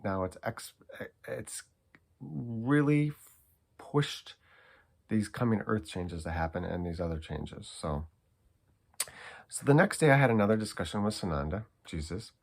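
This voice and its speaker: Deep-voiced guy with some vocal fry, rambling earnestly with lots of uhs and restarts. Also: lively intonation. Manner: halting and meandering, many fillers and restarts. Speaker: spiritual channel host. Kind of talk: casual monologue sharing channeled messages.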